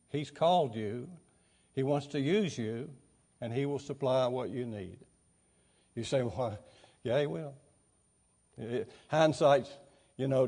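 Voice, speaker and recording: A middle-aged man preaching a sermon in a folksy way, reading scripture aloud and swelling louder for emphasis. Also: mid-range voice.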